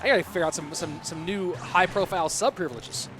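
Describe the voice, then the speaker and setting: A man calls a live game tournament with a high, bright-sitting voice, getting excited over big plays and chatting with his viewers. Music runs clearly behind him the whole time. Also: fast. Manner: excitable, hyped shout-outs to viewers. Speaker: esports caster and streamer. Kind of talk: live game commentary reading chat.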